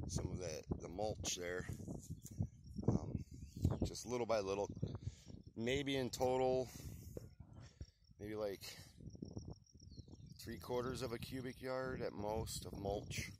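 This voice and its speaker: A man talking casually in an outdoor vlog, out of breath after hard work, chatty and emphatic, checking in often with "okay?". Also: on the low side. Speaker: lawn care and garden business owner. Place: open field outdoors. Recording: outdoor recording with clear background noise.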